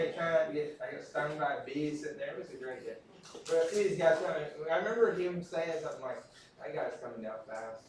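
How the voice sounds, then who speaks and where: A Texan instructor lectures a class in a large, echoey room, telling stories in a casual, self-deprecating way. His voice is fairly high with a little hiss or hum, recorded from far off.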